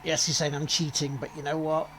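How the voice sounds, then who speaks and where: A man's voice: a little high, level tone, brisk, a bit bright, a little hiss or hum. A man, chatting casually and joking as co-host of a racing game livestream. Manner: joking, swears freely, laughs often. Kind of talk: casual chat over a racing game stream.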